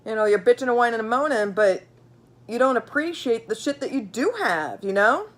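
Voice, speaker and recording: A woman's voice: fairly high pitch, lively intonation, brisk. A woman giving a casual tarot reading, blunt and profane, talking to viewers with lots of fillers and repeats. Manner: blunt, swears freely, many fillers; chatty, repeats herself while pulling cards. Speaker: tarot reader.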